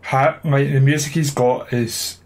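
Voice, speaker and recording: A man's voice: mid-range voice, steady tone, measured pace, a little mellow. A man co-hosting a podcast, chiming in with dry, wry remarks in casual chat. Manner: dry, wry remarks, laughs at his own jokes. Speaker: podcast co-host.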